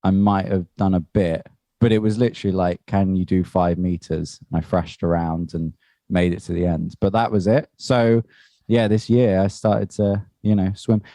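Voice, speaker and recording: Chatty man with a low, dark voice. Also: steady tone, normal speed, dry recording. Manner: chatty storyteller, laughs often. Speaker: podcast co-host. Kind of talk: casual chat.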